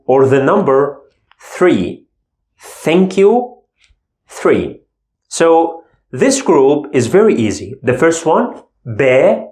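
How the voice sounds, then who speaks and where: Male language teacher, slow and lively delivery, echoey room. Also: a little high. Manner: slow, demonstrates letter sounds from the throat. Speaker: Arabic teacher. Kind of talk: language lesson.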